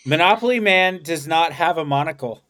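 A man's voice: a little high, animated, brisk, a bit bright. A man co-hosting a podcast in casual chat, jokey and wordy with a mock-pompous streak. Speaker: podcast co-host.

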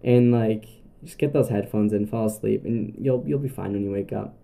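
A man's voice: on the low side, moderate pace, vocal fry, mellow. A young man hosting a podcast, telling camping stories in a loose, rambling way full of filler words and restarts. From Canada. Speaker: podcast host. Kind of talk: casual storytelling monologue.

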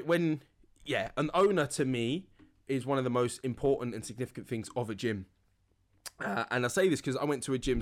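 A young man hosting a relaxed solo podcast, rambling with lots of fillers and laughing now and then. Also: medium pitch. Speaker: podcast host.

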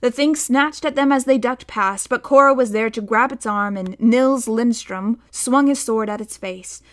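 A woman narrating a novel aloud in a steady storytelling manner, voicing the dialogue. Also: fairly high pitch, normal speed. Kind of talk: audiobook narration.

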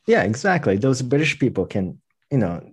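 A man's voice: medium pitch, sing-song, moderate pace, slightly rough. An American man chatting casually as a podcast co-host, rambling with restarts and laughing often. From United States. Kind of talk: casual chat.

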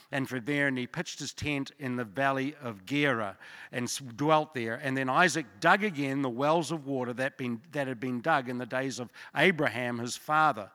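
Joking New preacher in a hall. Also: male voice, mid-range voice, bright, forceful tone. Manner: informal, joking, rambling asides. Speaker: guest preacher. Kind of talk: evening church sermon with testimonies. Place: church service. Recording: long church hall reverb.

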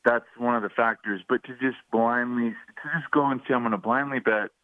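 A man's voice: medium pitch, fairly even intonation, fairly quick, dry recording. A man hosting a sports radio show who pushes back skeptically on his guest's claims. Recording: tinny phone line.

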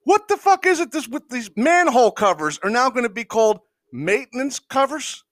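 A man's voice: very high voice, sing-song, moderate pace, a bit bright, no room sound, clean studio sound, voice pushed up, full character voice. A man voicing a grumpy older man complaining at a town meeting, indignant and incredulous.

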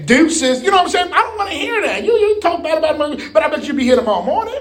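High-voiced man preaching animatedly. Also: racing, a crowd in the background. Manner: animated, laughing, shouting at times. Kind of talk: sermon.

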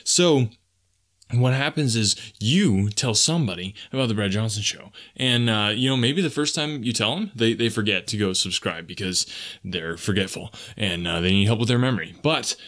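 A young man with a mid-range, slightly bright voice hosts a comedy podcast. He sounds boastful and self-important as he rambles through a parody self-help monologue.

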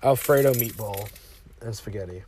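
A young man in casual chat with friends, relaxed and giving friendly advice. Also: on the low side, normal speed. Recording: distant mic with faint background noise.

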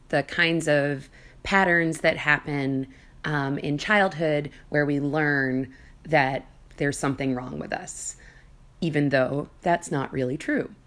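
Soft-spoken woman reading a self-help book. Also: sits low. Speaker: podcast host reading from a book. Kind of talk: reading aloud with personal asides.

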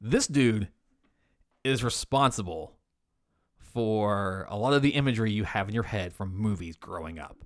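Low-voiced man co-hosting a podcast. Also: expressive, normal speed, dry recording, clean studio sound. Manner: laid-back, swears, reads out credits. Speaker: podcast co-host. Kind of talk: casual podcast chat.

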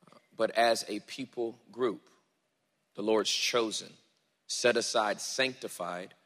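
A man preaching a sermon, reading scripture dramatically and then teaching in a relaxed way. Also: lowish voice, long reverb tail. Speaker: pastor.

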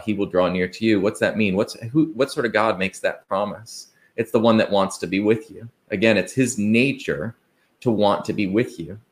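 Earnest man preaching a sermon. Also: fairly low pitch. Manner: earnest, asks rhetorical questions, quotes scripture; conversational, with fillers and restarts.

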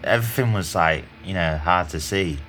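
A man's voice: low voice, moderate pace, a bit bright, soft background music. A man telling a rambling story in casual chat, full of fillers and hesitations.

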